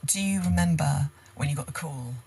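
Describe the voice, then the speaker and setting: A woman hosting an interview, enthusiastic and effusive, quick to praise her guest. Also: low voice, gravelly, mellow, slight background noise, poor audio. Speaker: interviewer, host. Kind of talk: casual interview.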